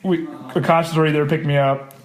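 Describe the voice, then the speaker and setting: A young adult man telling a personal story in casual conversation, lively, acting out quoted dialogue with many fillers. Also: a little high, fast.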